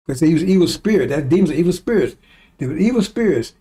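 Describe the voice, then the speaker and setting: A man's voice: fairly high pitch, animated, fast talker, warm tone. A man giving a rambling, emphatic religious talk, swearing when he gets worked up. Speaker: religious teacher. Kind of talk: informal religious teaching.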